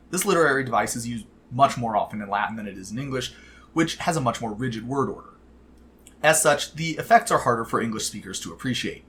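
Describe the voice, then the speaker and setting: A man teaching Latin in a calm, measured and explanatory way, reading verse slowly. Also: mid-range voice. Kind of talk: scripted lesson narration.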